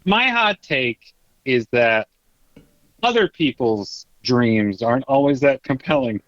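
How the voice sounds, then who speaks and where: A man co-hosting a film podcast, making dry deadpan quips in casual chat. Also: medium pitch, slow pace, no room sound, dull audio. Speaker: podcast co-host.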